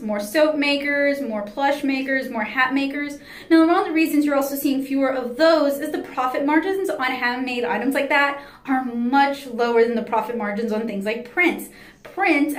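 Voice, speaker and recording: A woman comic artist giving a casual, candid vlog recap from her artist alley table. She talks in a chatty way with frequent "um" fillers and sounds tired. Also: high voice. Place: artist alley at an indoor anime convention. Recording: echoey hall with a faint crowd.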